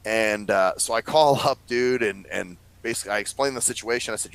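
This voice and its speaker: A man's voice: mid-range voice, animated, brisk, gravelly, hardly any pauses, fairly bright tone, no echo, rough recording. A man rambling through a long story in casual chat, swearing freely and laughing often. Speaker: podcast co-host.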